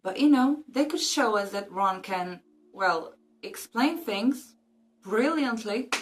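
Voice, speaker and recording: A woman's voice: mid-range voice, animated, takes it slowly, noisy background. A woman vlogger casually discussing a book and reading passages aloud, with joking, cheeky asides.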